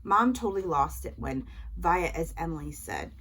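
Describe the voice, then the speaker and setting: A woman reading a children's novel aloud in a lively first-person voice. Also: low voice, moderate pace, hardly any pauses, a little hiss or hum, rough recording. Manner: lively first-person narration as a young boy. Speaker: audiobook reader.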